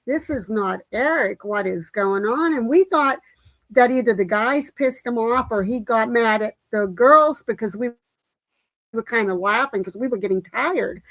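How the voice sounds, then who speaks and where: A woman hosting a casual live-stream chat, telling a story in an animated way and quoting what others said. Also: fairly high pitch, dry recording, low-quality recording. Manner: animated storytelling with quoted voices. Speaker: livestream host.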